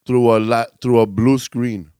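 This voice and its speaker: A man's voice: mid-range voice, steady tone, unhurried, warm tone, clean tone, dry recording. A man co-hosting a podcast, a comedian in casual chat who throws in short playful remarks.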